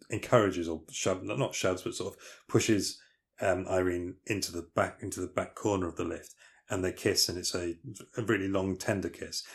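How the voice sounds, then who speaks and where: A man co-hosting a casual film podcast, retelling movie scenes in detail with lots of fillers and restarts. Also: sits low. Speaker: podcast co-host.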